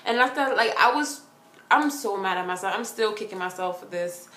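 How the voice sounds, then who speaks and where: A young woman vlogging from her corner at home, telling a story in a gushing, excitable way with lots of "like". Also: medium pitch, brisk. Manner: excitable, gushing, heavy use of "like". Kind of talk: casual storytelling vlog. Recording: roomy sound with faint hiss.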